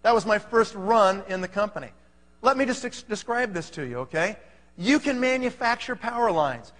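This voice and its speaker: A man with a high, bright voice gives a motivational sales talk from a stage. He speaks in an animated way, constantly checking in with the crowd, and his voice rings with a long hall echo. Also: normal speed. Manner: animated, keeps checking in with the audience. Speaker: conference speaker. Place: large hall. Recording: reverberant hall.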